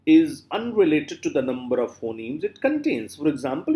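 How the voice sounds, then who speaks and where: Lecturing man with a lively pitch. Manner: repeats words slowly to drill pronunciation, many fillers. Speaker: literature lecturer. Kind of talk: classroom lecture.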